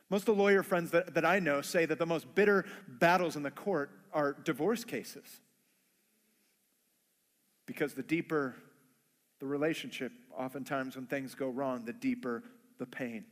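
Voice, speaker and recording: Guy preaching, high voice, acts out little scenes, big church echo. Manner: acts out dialogue in funny voices. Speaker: pastor. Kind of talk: sermon.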